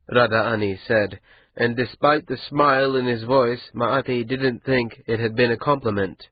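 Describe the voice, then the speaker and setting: A man narrating an audiobook in a steady, even reading voice, slightly husky. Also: mid-range voice, unhurried, muffled recording, a little hiss or hum. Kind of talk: scripted narration.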